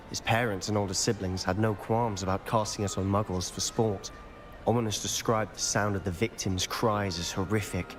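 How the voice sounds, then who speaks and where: A man voicing a self-assured young wizard student in a video game, low voice, measured and confiding, quietly persuasive, speaking over a clear music bed. The delivery stays calm and secretive throughout. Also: lightly acted.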